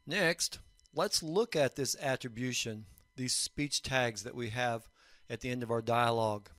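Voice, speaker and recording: A man teaching a recorded lesson on writing fiction, explaining points in a measured way. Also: medium pitch, a bit bright, dry recording. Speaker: college instructor.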